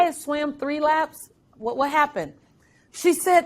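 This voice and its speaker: A middle-aged woman telling a personal story with animated delivery, acting out the voices of people in it. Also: high-pitched, a little slow. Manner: acts out voices of family and coach in her story. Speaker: guest speaker.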